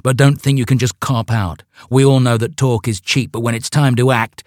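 A man's voice: mid-range voice, steady tone, normal speed, no room sound, clean studio sound, pitched above the performer's own voice, natural voice. A man playing a pompous young sect leader. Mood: ranting. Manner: grandiose, ranting.

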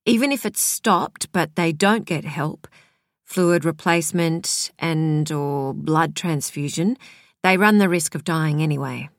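A woman reading an audiobook, voicing a man who is a doctor, explaining symptoms in a calm, clinical way. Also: a little high, measured pace, dry recording, clean studio sound. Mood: serious. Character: male doctor boyfriend, calm and serious. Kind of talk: audiobook character voice.

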